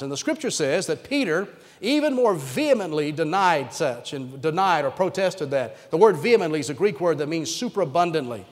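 Male pastor, emphatic storytelling sermon, high voice, echoing church hall. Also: lively intonation, fairly quick, few pauses. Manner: emphatic, dramatic retelling. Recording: reverberant hall sound.

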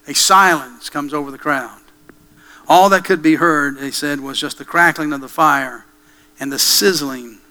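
A male preacher telling a dramatic story in a sermon, with hushed pauses and slow, emphatic repetition. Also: fairly high pitch, rough recording.

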